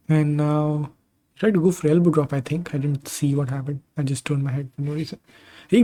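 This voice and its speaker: A man's voice: a little high, mellow. A man casually commentating video game wrestling matches, rambling off into tangents and personal asides between the calls. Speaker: gaming channel host commentating simulated matches.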